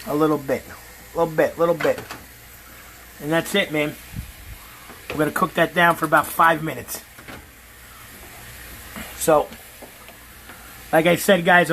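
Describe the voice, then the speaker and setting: A brash, swearing middle-aged man, chatting to his viewers while he cooks at home. His voice sits high for a man. A faint hum of the kitchen hangs behind him. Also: fairly even intonation, a little slow, vocal fry, long pauses, pushed and bright. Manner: brash, profane, talks straight to viewers. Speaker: home cook. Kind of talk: casual cooking livestream chat.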